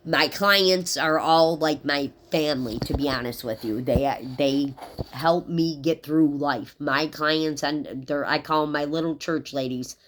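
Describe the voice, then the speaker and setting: A woman's voice: sits low, unhurried. A middle-aged woman giving a casual, rambling tarot reading and talking straight to her viewers in a heartfelt way. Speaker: tarot reader.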